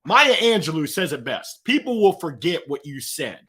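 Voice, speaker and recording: A middle-aged man telling stories as an interview guest, lively and acting out the voices of people in his anecdotes. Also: a little high, normal speed, breathy edge. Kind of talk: animated storytelling.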